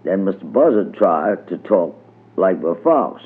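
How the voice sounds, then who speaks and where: A man reading a storybook tale aloud in a lilting, measured way, on a tinny old radio recording. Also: low-pitched, sing-song, husky. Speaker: narrator.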